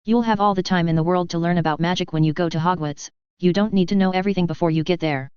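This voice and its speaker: A woman's voice: fairly low pitch, fast talker, a little mellow, clear, resonant tone, no room sound, muffled recording, natural voice. A woman reading the part of an easygoing, good-humored father in an audiobook. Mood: amused.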